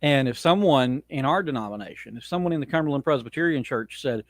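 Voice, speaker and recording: A man's voice: medium pitch, expressive, fast talker, no room sound. A man hosting his own podcast, ranting in a blunt, opinionated way with frequent restarts. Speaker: podcast host. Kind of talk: casual monologue rant.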